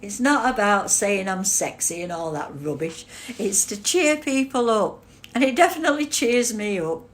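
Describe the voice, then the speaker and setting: Giggly woman with a lively voice. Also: mid-range voice, moderate pace. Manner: giggly, breaks into frequent laughter. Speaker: livestreamer reading chat comments. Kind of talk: casual livestream chat.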